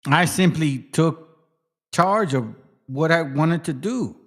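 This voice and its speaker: Rambling, cursing man with a higher voice. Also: expressive, takes it slowly. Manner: rambling and profane, trailing off into quiet mutters. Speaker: livestream host. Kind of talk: casual livestream chat.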